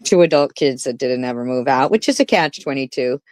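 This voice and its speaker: A woman's voice: very deep voice, expressive, brisk, a little mellow, no echo. A woman giving blunt, sarcastic commentary on a live stream, swearing often.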